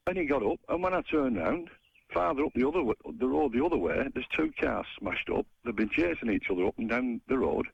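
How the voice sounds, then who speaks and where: An older man, calling in over a muffled phone line. His voice is gravelly and husky, and his pitch swoops up and down as he tells his rambling story in an animated way. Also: quick pace, dry recording. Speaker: caller.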